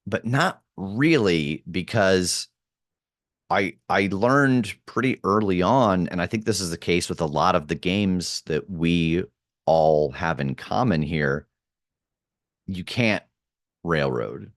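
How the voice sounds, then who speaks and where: A man's voice: low voice, takes it slowly, dry recording, clean studio sound. A man who produces podcasts and acts, talking casually in an interview, thoughtful, with many fillers and restarts.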